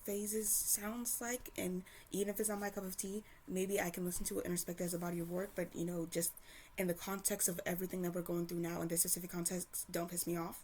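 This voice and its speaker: A woman's voice: lowish voice, little pitch movement, fast talker, a little mellow, a little hiss or hum. Heated, profane woman ranting. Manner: heated, profane, with frequent restarts. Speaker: commentator. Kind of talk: casual opinion rant to camera.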